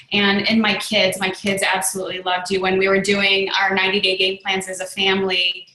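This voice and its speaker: A woman host speaking earnestly and warmly about personal growth to people on a call. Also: medium pitch, echoey room, rough recording. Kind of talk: motivational talk on a call.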